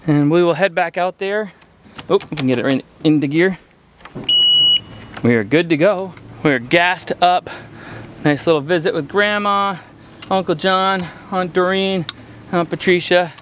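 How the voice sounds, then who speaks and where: A man's voice: a little high, slight background noise. A man hosting a casual outdoor vlog on a boat, enthusiastic and jokey. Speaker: vlogger, channel host. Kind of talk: casual upbeat vlog chat. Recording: background music under the voice.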